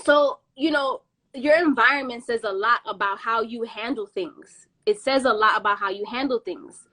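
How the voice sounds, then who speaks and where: Animated high-voiced woman telling a story. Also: moderate pace. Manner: animated, acts out quotes with slang and swearing. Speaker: podcast host. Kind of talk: casual storytelling chat.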